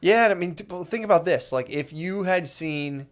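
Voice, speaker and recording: A man's voice: high-pitched, moderate pace. A man co-hosting a podcast in casual comedic chat, laid-back and calling people "dude.". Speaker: podcast co-host.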